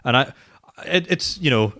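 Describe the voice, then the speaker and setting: A man's voice: medium pitch, animated, moderate pace, bright, forceful tone. A man co-hosting a podcast in casual, self-deprecating chat. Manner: chatty, self-deprecating, trails off and restarts. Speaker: podcast co-host.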